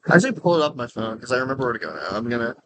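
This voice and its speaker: A man's voice: mid-range voice, sing-song, rapid-fire, slight background noise. A man giving casual, rambling commentary while playing a game, full of restarts and fillers. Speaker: game streamer.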